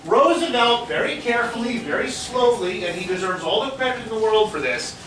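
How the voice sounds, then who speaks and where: A man teaching history as a lively lecture, telling it like a story and acting out what people said, with fillers along the way. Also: high voice, brisk. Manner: animated storytelling with fillers, acts out quotes. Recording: roomy echo, distant mic, faint hiss.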